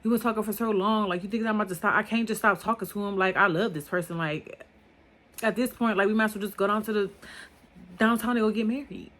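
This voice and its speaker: A woman's voice: mid-range voice, fast, fairly bright tone. A young woman telling a personal story in a casual, rambling monologue, with many filler words and loose grammar. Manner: rambling, filler-heavy talk.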